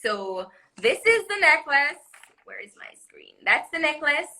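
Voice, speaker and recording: Caribbean woman designer, bright crisp tone, chatty and promotional, live stream call audio. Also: high voice, sing-song, unhurried, poor audio. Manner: chatty, laughs often, promotional. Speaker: jewelry designer guest. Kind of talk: live social media interview. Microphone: phone or webcam on live video call.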